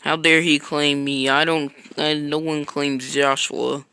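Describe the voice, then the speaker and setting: A man's voice: fairly high pitch, level tone, a little slow, pushed and bright, clear, resonant tone, dry recording, low-quality recording. A man streaming a block-building game, chatting casually in a rambling, slangy way that often trails off into a mutter. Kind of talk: casual live-stream chat. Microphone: own streaming mic.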